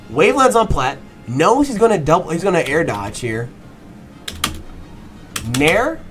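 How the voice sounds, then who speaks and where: A match analyst with a voice on the high side rattles off a fast, excited play-by-play of a fighting game match. He swears and breaks into excited bursts as he goes.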